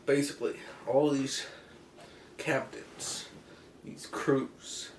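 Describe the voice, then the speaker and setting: A man's voice: mid-range voice, flat delivery, extremely slow, echoey room, background noise. A man giving a casual comedic explainer with pirate slang, rambling and correcting himself offhandedly. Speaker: comic history explainer.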